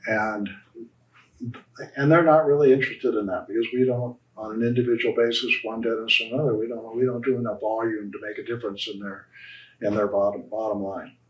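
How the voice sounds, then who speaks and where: A man's voice: lowish voice, steady tone, a little fast, highs cut off. A man who founded an orthodontic practice, answering interview questions in a passionate, rambling way. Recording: roomy echo, distant mic.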